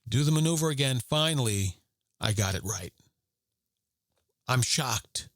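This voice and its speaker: A former Marine hosts a Catholic podcast, telling a personal story and driving his point home by repeating it. His voice sits at an ordinary middle pitch. The close-miked recording is dry, with no room echo. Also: expressive, measured pace, a bit bright. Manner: earnest, repetitive, preacherly emphasis.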